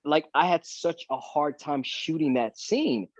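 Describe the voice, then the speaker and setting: A man's voice: on the high side, unhurried, dry recording, highs cut off. A man, a guest actor, chatting casually on a podcast and acting out quotes as he tells stories. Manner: animated storyteller, acts out quotes.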